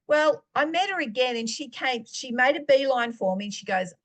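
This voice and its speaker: Woman, preacher, storytelling teaching, acts out dialogue, fairly high voice. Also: moderate pace, few pauses, fairly bright tone. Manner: storytelling, acting out her own dialogue. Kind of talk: personal teaching talk.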